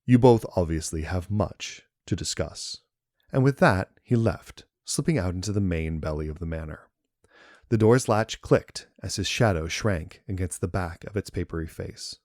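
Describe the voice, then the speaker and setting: Deep-voiced male horror narrator. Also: normal speed, no echo, clean studio sound. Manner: calm, even storytelling with quoted dialogue. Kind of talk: first-person horror story narration.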